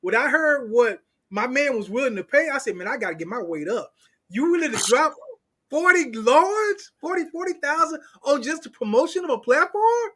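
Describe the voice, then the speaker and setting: Guy w a high bright voice, slangy casual chat, gets animated. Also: normal speed, slight background noise. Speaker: crypto strategist guest.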